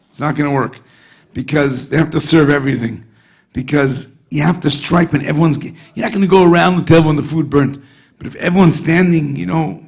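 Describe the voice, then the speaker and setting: A rabbi holding a gathering's attention with a lively tale, his fairly high voice rough with a gravelly edge. He talks like a friend across the table, slipping in Yiddish words and asking his listeners whether they follow. The tone is husky rather than clean. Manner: animated storyteller sprinkling Yiddish and Hebrew words; conversational, often asks the audience "you know what I mean?". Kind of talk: storytelling talk at a Hasidic gathering.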